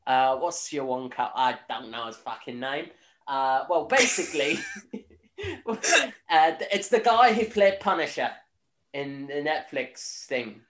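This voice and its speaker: A man's voice: medium pitch, expressive, a little slow, a bit bright, a little hiss or hum. A young Northern Irish man recapping a film in casual chat, rambling with lots of fillers, swearing and laughing. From Northern Ireland. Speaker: podcast host. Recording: echoey room.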